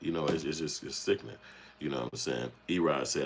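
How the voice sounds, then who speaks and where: A man hosting a casual livestream, talking with animated, profane energy and acting out the voices he quotes. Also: very deep voice, a little fast, vocal fry. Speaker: channel host.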